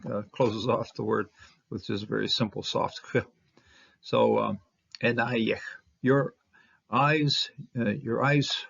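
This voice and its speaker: A man teaching a casual verse-by-verse Hebrew lesson, halting and thinking aloud with many fillers and small chuckles. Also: mid-range voice, creaky, fairly bright tone, slightly rough. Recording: dull lo-fi recording.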